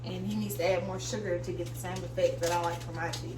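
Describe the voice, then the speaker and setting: A woman's voice: lowish voice, steady tone, fast talker. A young woman, teasing her partner in casual kitchen chat. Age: young adult. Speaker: vlog co-host. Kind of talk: casual chat while cooking. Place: home kitchen. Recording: echoey room, distant mic, faint noise.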